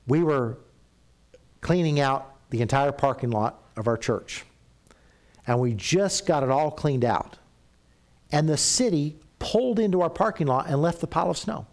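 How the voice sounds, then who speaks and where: A middle-aged man from Canada preaching a sermon, telling stories with animated rises and quiet drops. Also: fairly high pitch. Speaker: pastor.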